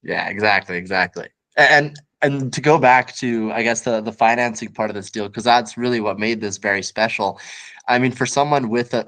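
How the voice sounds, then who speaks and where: A man's voice: lowish voice, a bit bright. Canadian man hosting an interview. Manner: friendly, laughs easily. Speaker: interview host. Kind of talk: casual interview questions.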